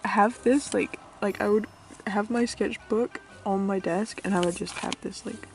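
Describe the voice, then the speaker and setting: Faint music sits behind this young UK woman, who speaks a little slowly in a mid-range voice during a casual vlog chat. Giggly and self-deprecating, she often drifts off into muttering and squeals excitedly over her finds.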